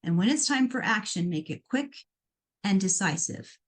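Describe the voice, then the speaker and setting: A woman's voice: medium pitch, normal speed. Chatty Iowa woman hosting a psychic call-in show. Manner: chatty, animated, self-interrupting, playful asides. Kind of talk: live call-in show, reading and answering questions.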